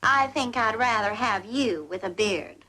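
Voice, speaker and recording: An actress playing a brisk, wry, ranch-raised young woman in a 1960s television drama, with a dry, teasing way of speaking. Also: fairly high pitch, sharp tone, low-quality recording.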